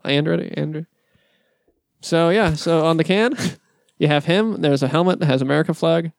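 A man's voice: on the high side, normal speed, no room sound, studio quality. A man co-hosting a casual beer review podcast, rambling and hesitant, often laughing. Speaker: podcast co-host. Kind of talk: casual chat.

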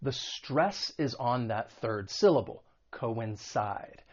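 A man teaching an English lesson, patiently explaining word meanings and modeling pronunciation slowly and clearly. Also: medium pitch, expressive. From United States. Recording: dull lo-fi recording.

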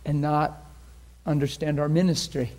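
A man's voice: a little high, level tone, moderate pace, a little mellow. Earnest storytelling male preacher. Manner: earnest, conversational, acts out quoted voices. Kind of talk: sermon storytelling. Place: church in front of a congregation.

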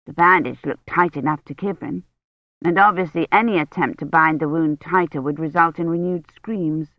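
An audiobook narrator reading a story in a measured, even storytelling manner. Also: mid-range voice, no echo. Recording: dull, lo-fi dry recording.

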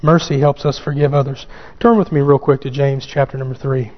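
A man's voice: mid-range voice, steady tone, a little fast. A male pastor preaching a sermon, building to emphatic calls and reading scripture aloud. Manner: reads scripture aloud in King James wording. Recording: dull sound with long hall reverb.

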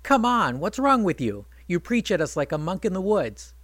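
A man's voice: sits high, big pitch swings, normal speed, a bit bright, dry recording, heavily acted. Storybook brute warrior, blunt and boastful, read by a man. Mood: scolding. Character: hot-tempered mighty male warrior prince.

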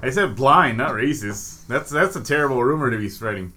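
Bright-voiced joking young man. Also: mid-range voice, lively intonation, fairly quick. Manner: joking, sarcastic, profane. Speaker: podcast co-host. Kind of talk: casual sports chat.

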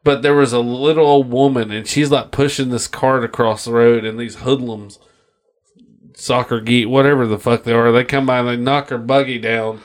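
A man's voice: mid-range voice, steady tone, moderate pace. A man co-hosting a casual podcast chat, ranting in a crude, profane, sardonic way. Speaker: podcast co-host.

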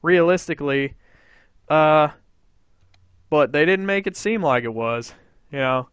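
Brief: man, gaming podcast host, excitable, swears, smooth dry close-mic voice. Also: on the high side, measured pace, no room sound. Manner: excitable, swears freely, acts out quotes. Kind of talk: casual gaming podcast chat.

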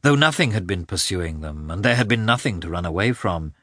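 Male audiobook narrator, low lively voice, measured classic-novel reading. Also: no room sound, studio quality.

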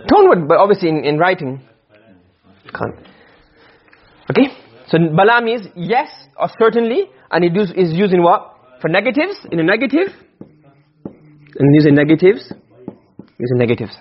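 Husky-voiced man teaching a class. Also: high-pitched, big pitch swings, moderate pace, long pauses, muffled recording. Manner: explains step by step, quizzes the class with questions. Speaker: Arabic grammar teacher. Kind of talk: classroom lecture.

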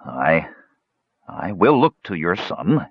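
A man's voice: low-pitched, sing-song, drawn-out words, husky, no echo, heavily acted. A man voicing an old male mage, dignified but ashamed, who speaks in grave, earnest declarations. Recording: dull, dry lo-fi audiobook recording.

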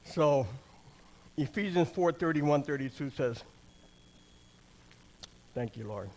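A slightly high, animated voice with a darkish tone comes from an older man sharing his testimony in a conversational sermon. He speaks slowly with long pauses, plainly, restarting phrases and checking in often with "amen?" and "right?"

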